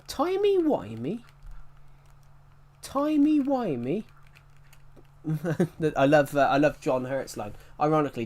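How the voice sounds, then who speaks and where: Rambling man chatting over gameplay. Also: mid-range voice. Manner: rambling, repeats and corrects himself often. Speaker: gaming channel host. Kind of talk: casual gameplay commentary.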